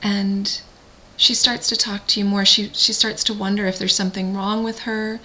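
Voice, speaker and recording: A woman working as a parent coach, guiding a listener through a visualization in a gentle, slow, soothing way. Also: medium pitch, flat delivery, low-quality recording. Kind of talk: guided visualization.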